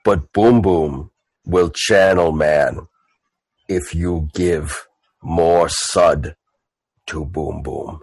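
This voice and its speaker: A man's voice: sits low, fairly even intonation, extremely slow, long pauses, darkish tone, breathy edge, dry recording, pitched below the performer's own voice, heavily acted. A man voicing a simple-spoken hulking male warrior who talks about himself in the third person in broken speech. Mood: solemn.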